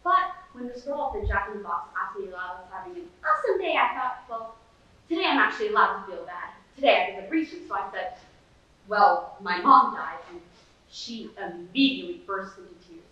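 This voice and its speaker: A woman's voice: mid-range voice, lively intonation, brisk, pushed and bright, lo-fi sound. A teenage girl performing a bitter, washed-up male horse sitcom star in a sardonic, rambling eulogy monologue, recorded from far off in an echoey hall. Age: late teens. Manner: sardonic, rambling, self-pitying. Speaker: student competitor. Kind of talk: competitive dramatic monologue.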